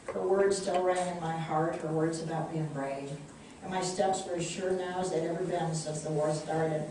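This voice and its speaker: Brief: woman reading her storybook aloud, measured and heartfelt, roomy echo, mic set back. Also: low-pitched, fairly even intonation, background noise. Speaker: author reading her book. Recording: echoey room, distant mic.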